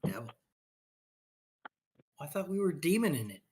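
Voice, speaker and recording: A woman with a strikingly deep voice chats casually as a player at a tabletop game. She speaks in a wry, teasing way. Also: big pitch swings, moderate pace, warm tone, husky.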